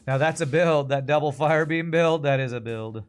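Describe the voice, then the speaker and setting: Chatty American streamer, music behind. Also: male voice, fairly high pitch, normal speed, smooth. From Texas, USA. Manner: chatty, rambling, reads chat aloud. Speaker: game streamer. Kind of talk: casual gameplay commentary with chat. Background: faint game music.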